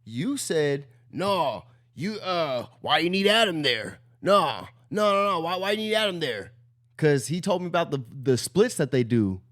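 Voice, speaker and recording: A man streaming a reaction to a clip, animated and incredulous, swearing freely. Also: fairly high pitch, unhurried. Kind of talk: casual reaction commentary.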